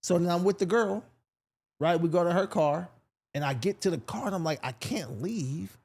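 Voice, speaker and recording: Animated male comedian telling a story. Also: high-pitched, brisk. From Sacramento, California. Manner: animated, acts out voices in his stories. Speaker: comedian guest. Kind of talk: storytelling in casual podcast chat.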